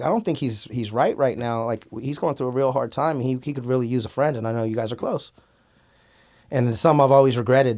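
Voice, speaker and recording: A man's voice: mid-range voice, gravelly, a little mellow. A man with a Bay Area accent telling a story in a podcast interview, outspoken and blunt, swearing freely with many fillers. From Antioch, California. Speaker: rapper and podcast guest.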